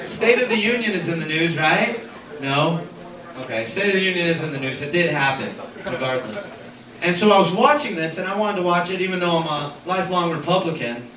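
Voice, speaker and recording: In a small indoor art gallery, a young man does open-mic stand-up in an animated, fairly quick voice on the high side, with a crowd audible in the background. His set is rambling and self-deprecating, heavy on "anyways" and fillers, and the far-camera recording catches the room's echo and noise.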